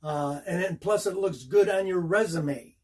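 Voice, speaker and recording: An older man with a husky, somewhat high-pitched voice tells a story from his acting career straight to the camera. He talks casually and with animation, walking through each moment of the action step by step. The tone stays relaxed and personal. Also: unhurried. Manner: animated, acts out the scene beat by beat. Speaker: actor telling a career story.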